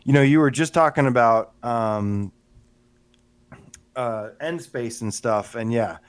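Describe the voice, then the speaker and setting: A man's voice: mid-range voice, slow, clear, resonant tone, dry recording. A man with a middling voice, recorded dry and close, co-hosting a livestream podcast. He rambles enthusiastically with plenty of fillers. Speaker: podcast co-host. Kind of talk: casual livestream chat.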